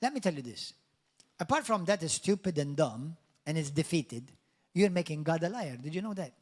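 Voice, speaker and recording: A man's voice: on the high side, big pitch swings, normal speed. A man preaching a sermon as pastor, in an emphatic, declamatory style that builds to exclamations. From Malta.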